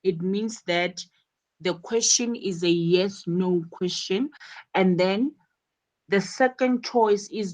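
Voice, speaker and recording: A woman's voice: mid-range voice, takes it slowly, darkish tone. A woman teaching an English lesson, explaining step by step and repeating words as she goes. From South Africa.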